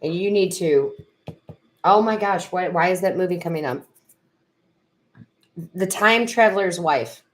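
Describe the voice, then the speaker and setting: A low-voiced woman giving tarot readings on a home live stream, speaking through a built-in computer mic. She talks in effusive bursts, quick to gush and exclaim. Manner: emotional, effusive, tearful exclamations. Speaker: tarot reader and medium. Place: home room. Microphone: built-in computer camera mic.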